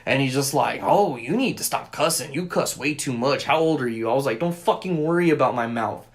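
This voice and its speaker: A man's voice: medium pitch, fairly quick. A young man co-hosting a podcast, telling a long story in casual chat, cursing often and acting out what people said. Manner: profane, animated storyteller acting out quotes. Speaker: podcast co-host.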